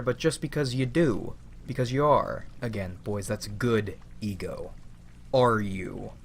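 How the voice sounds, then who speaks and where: A man's voice: mid-range voice, a bit bright. A man giving a rambling, reflective monologue, casually swearing and calling his listeners "boys". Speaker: channel host.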